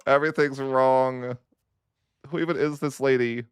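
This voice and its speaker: A young man groans and complains his way through a strategy game, whiny and sarcastic by turns. His voice comes through crisp and smooth. The sound is close and dry, with no room to it. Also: medium pitch, steady tone, unhurried, no room sound. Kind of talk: frustrated gameplay commentary.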